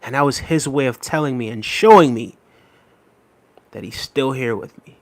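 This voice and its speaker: A man's voice: medium pitch, moderate pace. A man hosting a livestream, chatting casually, reading viewer comments aloud and repeating phrases with frequent laughs. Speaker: livestream host.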